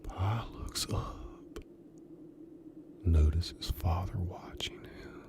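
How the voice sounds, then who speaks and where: Man whispering a slow story reading. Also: deep voice. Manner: soft, unvoiced whisper. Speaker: narrator, reader. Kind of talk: whispered role-play.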